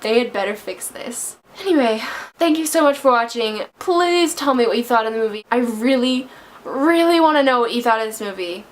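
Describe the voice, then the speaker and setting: A woman's voice: on the high side, animated, brisk. Gushing young woman reviewing a film. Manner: gushing, emotional, breaks into laughter and near tears. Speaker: book vlogger. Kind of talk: casual movie review.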